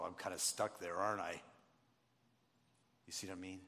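A man preaching a conversational sermon, telling stories with animated asides and frank self-deprecating remarks. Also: sits low, normal speed, creaky, in a large hall. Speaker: pastor.

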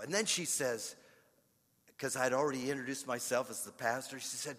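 A man preaching a sermon as pastor, earnest, swinging from soft asides to loud emphatic lines. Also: mid-range voice, fairly even intonation, moderate pace. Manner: earnest, rises and drops in loudness for emphasis. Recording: long reverb of a large hall.

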